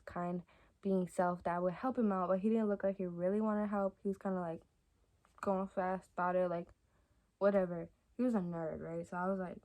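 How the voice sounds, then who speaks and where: A young adult woman vlogger telling stories to camera in a casual, rambling way, with lots of fillers and soft asides. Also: on the low side. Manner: chatty and rambling, many fillers like "like" and "y'all". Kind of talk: casual storytime chat to camera.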